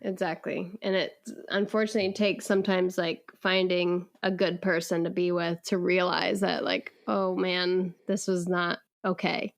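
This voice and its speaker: A woman's voice: fairly low pitch, level tone, moderate pace, vocal fry, hardly any pauses, no echo, clean studio sound. A woman with a New Zealand accent co-hosting a casual podcast, chatting loosely with lots of fillers. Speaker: podcast co-host. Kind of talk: casual chat.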